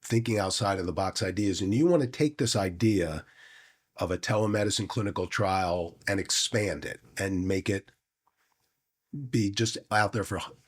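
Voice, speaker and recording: Male host, fairly low voice, admiring and chatty, kinda rambles into his question. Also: breathy edge. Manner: admiring, conversational, loose rambling phrasing. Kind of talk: interview questions.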